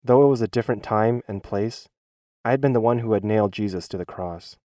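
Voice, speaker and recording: Earnest male voice-over, low and mellow, dry close sound, reading a teacher's church testimony. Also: fairly quick, no echo. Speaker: schoolteacher giving a church testimony.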